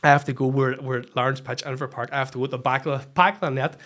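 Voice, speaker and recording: A man with a Northern Irish accent, a football coach guesting on a podcast, telling a story in a lively, swearing, casual way. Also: medium pitch, rapid-fire. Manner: animated, swears freely, acts out heated quotes.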